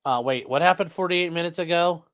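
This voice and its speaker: A man's voice: a little high, brisk, fairly bright tone. A man hosting a livestream, commenting on court filings in a mocking, profane way. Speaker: livestream host. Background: live chat stream.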